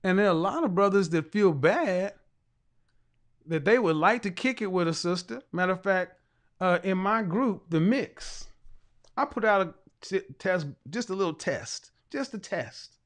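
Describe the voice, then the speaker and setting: A middle-aged man with a voice pitched fairly high for a man, holding forth as a talk show host. He lectures emphatically and drives each point home by repeating it. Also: expressive, unhurried, a bit bright. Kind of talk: lecturing commentary monologue.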